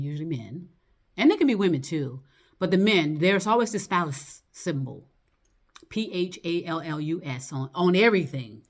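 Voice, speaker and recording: A woman with a notably low voice talks in a loose, rambling monologue. She drifts between thoughts, circles back on herself and swears freely. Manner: rambling, loose and profane, lots of fillers and laughs.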